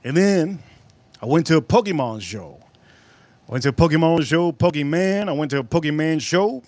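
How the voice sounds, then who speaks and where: A man hosting a casual livestream, rambling and excitable, repeating himself as he chats. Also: a little high, moderate pace, no room sound. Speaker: livestream host.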